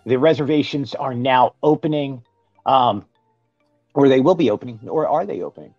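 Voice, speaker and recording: A man's voice: medium pitch, expressive, moderate pace, darkish tone, no room sound, faint music behind. A man co-hosting a casual news podcast, reading items aloud with fillers and small slips. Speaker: podcast co-host. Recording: dry, dull lo-fi podcast audio.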